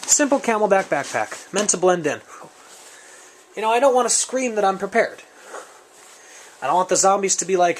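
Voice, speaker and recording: A man's voice: fairly high pitch, lively intonation, a little fast, slight background noise. A man casually reviewing his survival gear on camera, rambling and joking in an off-the-cuff way. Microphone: camera mic, speaker off-frame.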